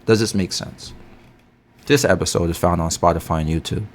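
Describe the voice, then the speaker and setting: A man hosting a podcast, talking to his listeners in a heated monologue. He is agitated, swinging between loud outbursts and slow preaching. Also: deep voice, a little hiss or hum. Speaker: podcast host.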